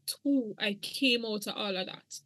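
A woman's voice: mid-range voice, measured pace, fairly bright tone, no room sound. A middle-aged woman, earnestly telling her own story as a podcast guest. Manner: earnest, emotional, church-toned. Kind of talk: podcast interview testimony.

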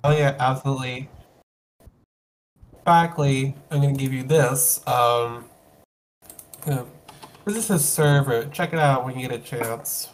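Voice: mid-range voice, unhurried, pauses often, slight background noise. A podcast host interviewing a guest over a call, playful and effusive, cracking jokes and gushing.

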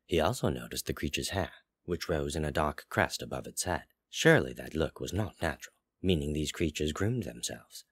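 A man narrating a fantasy story aloud in a slow, measured way. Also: a bass voice, expressive, breathy edge, no echo, studio quality. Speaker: story reader. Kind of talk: audiobook narration.

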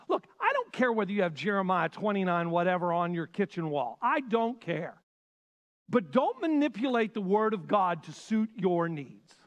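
A male pastor preaching a sermon with passion, swinging between loud bursts and hushed lines. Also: high-pitched.

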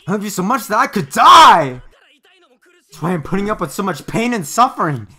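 A man voicing a stubborn, devoted young man in an anime dub, impassioned and shouting at times, with a lively voice. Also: sits high, a little fast, husky, exaggerated voice.

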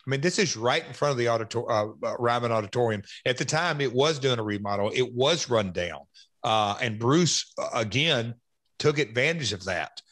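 Man, middle-aged, casual podcast chat, animated, mid pitch. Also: normal speed. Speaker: podcast host and former wrestler.

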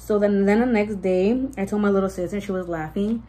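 A woman's voice: mid-range voice, fairly even intonation, a little fast, mellow, rough recording. A pregnant young woman chatting casually to her viewers, rambling with lots of "like" and restarts and slipping Spanish words in. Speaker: vlogger. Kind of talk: casual storytime chat.

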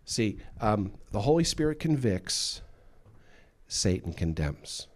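A man's voice: fairly low pitch, sing-song, takes it slowly. A male pastor delivering a sermon with emphatic delivery, acting out the voices he quotes. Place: church.

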